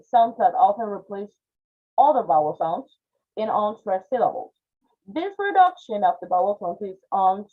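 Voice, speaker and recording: A woman with a Spanish accent teaching an online phonetics class, explaining step by step and checking in with "okay?" after nearly every point. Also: a little high. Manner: explanatory, frequent "okay?" check-ins and "eh" fillers. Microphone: video call. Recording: tinny phone-like video call audio.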